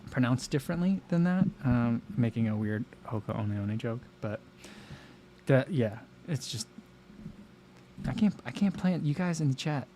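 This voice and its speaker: A man hosting a casual livestream and talking to his chat, rambling with many fillers and restarts. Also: medium pitch. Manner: chatty and rambling, many fillers and self-interruptions. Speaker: livestream host reading chat.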